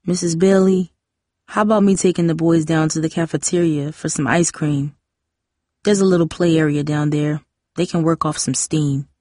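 A woman voicing a shaken teenage boy who blames himself, speaking in a halting, guilt-ridden way. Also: mid-range voice, lively intonation, dry recording, studio quality. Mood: gentle.

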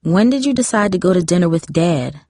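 A woman's voice: on the low side, lively intonation, a little fast, no echo, studio quality. A woman voicing an earnest teenage girl, the older sister, in a storybook reading. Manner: earnest, hurt and sharp by turns.

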